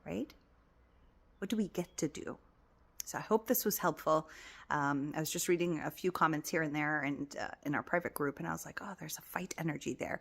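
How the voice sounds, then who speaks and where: A woman with a lowish voice gives a gentle spiritual self-help talk. She speaks tenderly, repeats affirming phrases and often sinks to a near whisper. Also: gravelly. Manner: soft and tender, slipping into whispers. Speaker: spiritual teacher.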